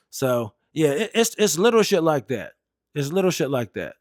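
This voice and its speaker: A man's voice: fairly high pitch, sing-song, moderate pace, no room sound, clean studio sound. A young American man and Air Force veteran telling stories in a blunt, heated, profane way. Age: young adult. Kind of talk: casual storytelling rant.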